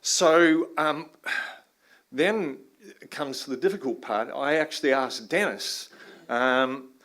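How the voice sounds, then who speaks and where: A man's voice: medium pitch, slow. A man from New Zealand with an Australian accent, giving an informal, joking conference talk in a large room as a river science professor. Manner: joking, informal, swears mildly, bursts into laughing loud asides.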